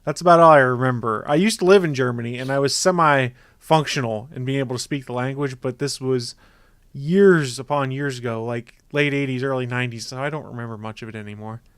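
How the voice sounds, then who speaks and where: A man hosts a geek podcast in a mid-pitched voice, leading into segments and ribbing his co-hosts in a dry tone. The recording has no room sound at all. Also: brisk, smooth, no room sound. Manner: dry, teasing, leads segments. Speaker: podcast host. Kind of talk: casual chat.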